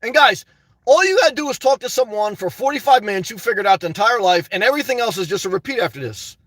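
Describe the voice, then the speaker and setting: Speaking quickly in a high-pitched, expressive voice, a man on YouTube tells stories and vents to his viewers. His tone is fairly bright and the recording is dry. The monologue wanders casually, full of laughter and repeated "guys."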